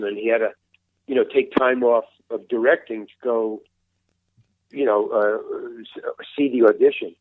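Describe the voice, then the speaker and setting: A man's voice: mid-range voice, fairly even intonation, a little slow, dry recording. Older male guest, storyteller, restarts often, voices the other people in his tales; thin phone-quality audio. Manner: rambling, restarts, acts out quoted dialogue. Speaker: interview guest, veteran actor. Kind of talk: casual anecdote telling. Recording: tinny phone-like line, dry.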